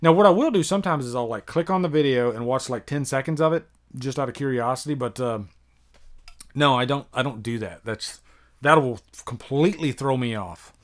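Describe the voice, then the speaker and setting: An American man who reviews horror movies on YouTube hosts a casual live-stream Q&A, rambling and chatting with lots of fillers as he reads out viewer questions. His voice is medium-pitched and fairly quick.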